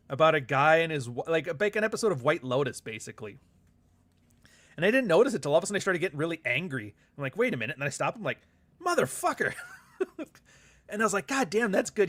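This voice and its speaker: A man's voice: fairly high pitch, a bit bright. A man hosting a casual livestream chat, rambling and profane, reading viewer comments aloud and often laughing. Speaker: author and livestream host.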